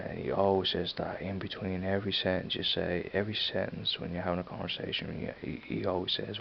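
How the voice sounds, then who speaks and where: A man's voice: low-pitched, level tone, normal speed, gravelly, highs cut off, a little hiss or hum. A man with a Dublin accent chatting casually in a home vlog, rambling and repeating "you know what I mean". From Ireland. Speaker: vlogger. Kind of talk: casual accent tag video.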